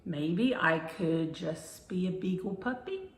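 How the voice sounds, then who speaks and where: A woman voicing a cheerful, excitable female beagle puppy, high and bouncy. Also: slow, slight background noise. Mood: excited. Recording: roomy echo.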